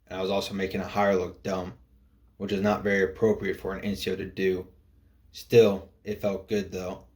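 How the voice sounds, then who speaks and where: A man with a very low, deep voice reads a first-person military story aloud. His delivery is steady and matter-of-fact, like a plain narrated account.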